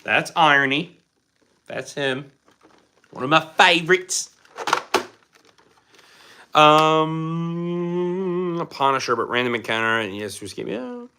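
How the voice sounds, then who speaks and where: A man's voice: a little high, slow pace, long pauses, pushed and bright, slight background noise. A young man hosting a casual live stream from his home, joking as he answers chat questions.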